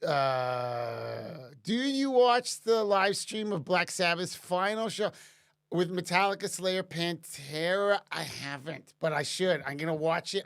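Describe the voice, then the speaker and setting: A man's voice: a little high, a bit bright. A man casually answering chat questions on a live stream, rambling with many restarts and fillers. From Canada.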